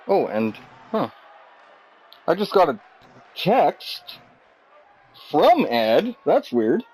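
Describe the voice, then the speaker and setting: Lively, teasing male commentator. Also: a little high, extremely slow, long pauses, slightly rough, some chatter behind, rough recording. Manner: goofy, teasing, rambling. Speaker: wrestling commentator. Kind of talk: jokey role-play commentary.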